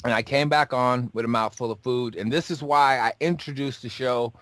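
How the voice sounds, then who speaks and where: A man's voice: medium pitch, normal speed, fairly bright tone, no echo. Man, podcast host, joking, casual chat, dry close sound. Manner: joking, loose, chewing food. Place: home.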